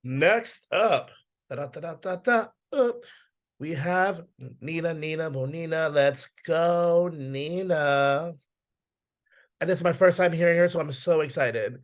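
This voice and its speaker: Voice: mid-range voice, a little slow. A host of an online open mic, chatting casually between acts and introducing the next performer. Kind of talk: casual hosting. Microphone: video call.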